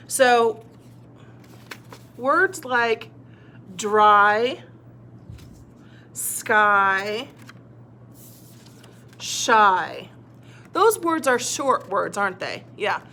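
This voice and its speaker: A woman teaches children to read, stretching each sound out slowly and praising every right answer. Her voice is bright and forward. A faint hiss of noise sits behind her. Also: a little high. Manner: patient, encouraging, sounds words out slowly. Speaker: reading teacher. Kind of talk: slow phonics lesson for children.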